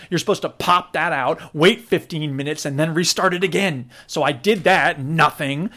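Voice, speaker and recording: A young man hosting a podcast, telling a long story in a casual, animated way and acting out the people he quotes. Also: sits high. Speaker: podcast host.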